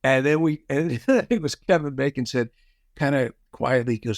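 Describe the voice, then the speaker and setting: A man's voice: mid-range voice, fairly quick, no echo, studio quality. A man in his sixties telling anecdotes in an interview, acting out the quoted voices with a chuckle. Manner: storyteller who acts out quoted voices, chuckling. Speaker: guest.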